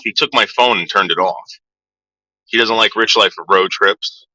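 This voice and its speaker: New guy rambling thru family stories, low voice, really bright and dry, no room at all. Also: animated, moderate pace, no room sound, low-quality recording. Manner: rambling, repeats words, quotes people in put-on voices. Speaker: streamer telling stories about his father. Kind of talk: casual storytelling to a live chat.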